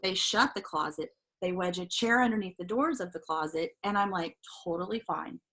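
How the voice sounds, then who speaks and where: A middle-aged woman from Southern California, a life coach guest on an interview show, telling a personal story in an animated, casual way, laughing often and acting out what others said. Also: on the low side, normal speed, poor audio.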